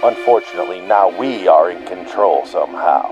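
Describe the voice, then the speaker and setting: Man playing an ominous announcer, very low voice, slow delivery, muffled recording, loud fiddle music behind. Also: lively intonation. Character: ominous male intro announcer. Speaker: show intro announcer. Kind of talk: scripted spoof intro. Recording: dull lo-fi sound with violin music.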